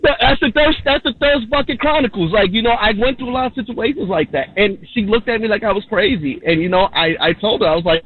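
A man from New York tells a comic story as a radio guest. He rambles and leans on fillers, and his voice sits fairly high for a man. It all comes through a thin, tinny phone line. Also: fast, few pauses, slightly rough, no room sound. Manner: rambling, repeats himself, many "you know" fillers. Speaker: guest comedian.

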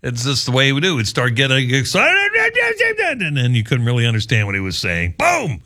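A male sports radio host chatting in a lively, amused way. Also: medium pitch, very fast. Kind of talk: casual talk show commentary.

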